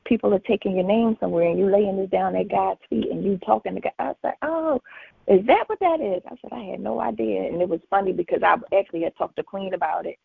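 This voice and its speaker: Gravelly, husky woman on a phone line. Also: mid-range voice, quick pace, few pauses, dry recording. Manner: animated storytelling, acting out conversations. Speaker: featured guest. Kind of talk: faith testimony on a call-in show.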